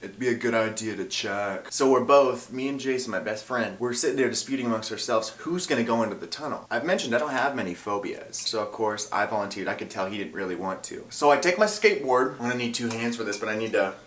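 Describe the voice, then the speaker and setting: A man's voice: medium pitch, fast talker, hardly any pauses. Man telling a funny childhood story. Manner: animated, acts out his childhood self and yells in bursts; eats while talking. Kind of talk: casual comic storytelling. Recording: echoey room.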